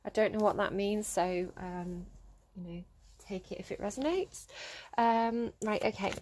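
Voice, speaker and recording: A woman's voice: medium pitch, unhurried, a little mellow, slight background noise. Hesitant woman reading tarot. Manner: hesitant, many fillers and restarts. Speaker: tarot reader.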